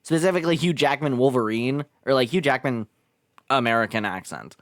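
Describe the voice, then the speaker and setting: A man's voice: medium pitch, brisk, no echo, clean studio sound. A man streaming a game, chatty and thinking aloud, swearing freely as he works out character voices. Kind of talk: casual game stream commentary.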